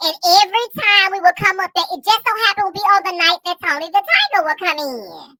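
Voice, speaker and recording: A man's voice: very high-pitched, sing-song, quick pace, bright, forceful tone, no echo, pitched above the performer's own voice, exaggerated voice. A man voicing a sassy, teasing alter-ego girlfriend who ribs him with profane banter.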